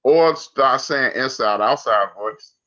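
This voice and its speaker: A man in his fifties telling a story in a casual conversation, animated and acting out remembered lines. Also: mid-range voice, slow pace. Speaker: discussion participant. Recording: dull lo-fi audio.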